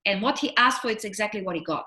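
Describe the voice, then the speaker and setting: A middle-aged relationship coach talks quickly in a mid-range voice during a casual chat. She tells her stories with animation, acting out the people in them and voicing their quotes.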